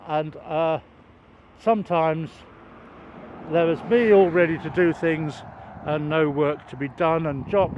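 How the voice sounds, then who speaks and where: An older man talks as he walks outdoors, rambling from one wry aside to the next with plenty of fillers and restarts. His voice sits fairly high. The camera audio is dull, with traffic and machinery rumbling clearly behind him. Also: slow. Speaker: vlogger filming a construction site. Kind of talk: rambling walk-and-talk narration. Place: outdoors by a road, walking downhill.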